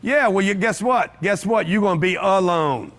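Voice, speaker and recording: A man with a high-pitched voice speaks to a live audience in an event room. He is brash and punchy, hammering on repeated phrases like a motivational seminar speaker. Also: lively intonation, normal speed, fairly bright tone.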